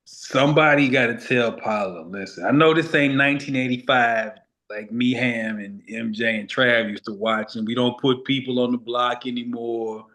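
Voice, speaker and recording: A man's voice: mid-range voice, steady tone, moderate pace, few pauses, a bit bright. A man co-hosting a casual basketball talk show, loose and conversational, repeating his points for emphasis. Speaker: podcast co-host.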